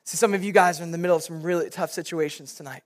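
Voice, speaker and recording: A young man, a youth pastor, giving a sermon and telling a personal story in a casual, animated way. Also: on the high side, very fast.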